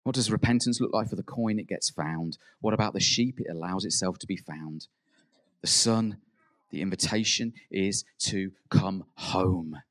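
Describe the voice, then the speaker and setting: A man preaching a sermon in an earnest way. He rises to emphatic peaks, then drops soft, and acts out quoted prayers. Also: deep voice, normal speed.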